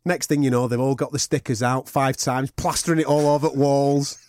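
A man's voice: medium pitch, steady tone, fairly quick, darkish tone, dry recording, clean studio sound. A man co-hosting a podcast, telling a long anecdote in casual, sweary banter. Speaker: podcast co-host.

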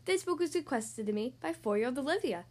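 A woman reads a picture book aloud to young children in a high voice. Her storytelling is gentle and expressive. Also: fast talker. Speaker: podcast host reading to kids.

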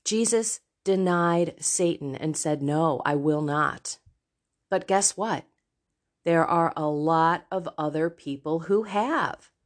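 A middle-aged woman hosting a Catholic podcast, speaking frankly and confessionally from a seat in a home. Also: fairly low pitch. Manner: frank and confessional, slow and deliberate. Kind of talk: candid faith talk. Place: seated in a home.

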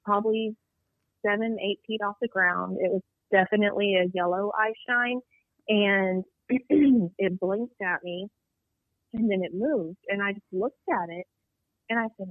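A woman guest telling an eerie personal story in an animated, rambling way, acting out what people said. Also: medium pitch, measured pace, dry recording. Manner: animated, rambling storyteller who acts out dialogue. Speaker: guest telling a Bigfoot encounter. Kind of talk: storytelling on a call-in interview. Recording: tinny dry phone line.

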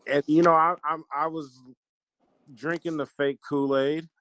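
A man's voice: a little high, flat delivery, measured pace, fairly bright tone, dry recording. A man telling a personal family story in an earnest way, often stopping and restarting as he talks. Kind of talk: casual conversation, personal story.

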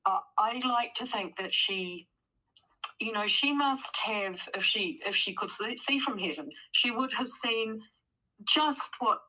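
A woman's voice: a little high, unhurried, bright, forceful tone, poor audio. A woman guest author talking in a casual interview, thoughtful and full of fillers and restarts.

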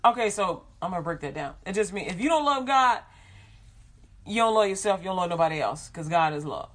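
A woman giving an informal sermon, animated, acting out quoted voices and laughing often. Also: fairly low pitch, fairly quick.

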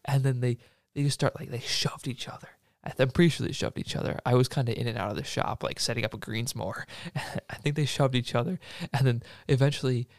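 A young man telling a workplace story in casual chat, acting out the quotes loudly and laughing often. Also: mid-range voice, steady tone, a little fast, dry recording, studio quality.

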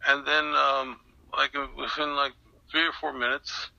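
A man's voice: medium pitch, flat delivery, unhurried, gravelly, sharp tone, no room sound, lo-fi sound. An older man being interviewed, telling a long story in a rambling way with many restarts and fillers. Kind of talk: recounting an anecdote in an interview.

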